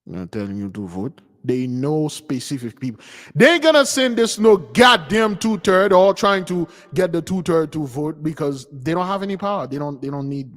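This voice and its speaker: A man hosting a spiritual channel, preaching casually to followers in an animated, emphatic and mocking way. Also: fairly high pitch, in a large hall. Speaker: channel host giving a spiritual talk.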